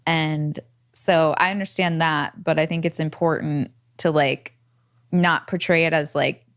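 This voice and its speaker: A woman co-hosting a podcast talks things through casually and raises questions. Her voice sits very low for a woman. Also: steady tone, unhurried, a bit bright. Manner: conversational, questioning. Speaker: podcast co-host.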